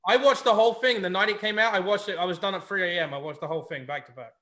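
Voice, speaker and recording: A man's voice: sits high, rapid-fire, pushed and bright. A man chatting on a podcast, swearing constantly as he enthusiastically recommends shows. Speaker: podcast co-host. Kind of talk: casual chat.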